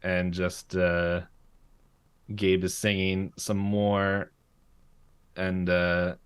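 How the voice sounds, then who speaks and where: A man with a fairly low voice chats through an episode recap as a podcast co-host. He rambles loosely, stacking fillers and small laughs as he goes. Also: little pitch movement, extremely slow, smooth. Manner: rambling, full of fillers and giggles. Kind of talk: casual episode recap chat.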